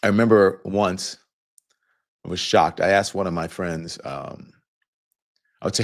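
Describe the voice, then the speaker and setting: A man in his fifties from Louisiana, hosting a show and telling a relaxed personal story to viewers in a casual monologue. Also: low voice, a little slow, long pauses. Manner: relaxed storytelling, conversational, many fillers. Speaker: show host.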